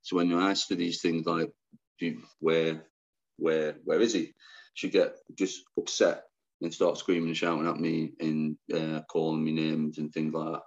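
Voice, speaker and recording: A man telling his own difficult story as an interview guest, halting, restarting often, and speaking frankly. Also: very deep voice, completely flat delivery, gravelly, dull audio. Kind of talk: candid personal storytelling.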